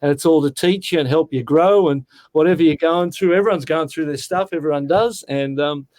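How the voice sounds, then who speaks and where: A man's voice: on the high side, a little fast, a little mellow. A sixty-year-old Australian man telling stories in a casual interview, talking in an earnest, heartfelt way and often calling the listener mate. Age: 60s. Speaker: guest.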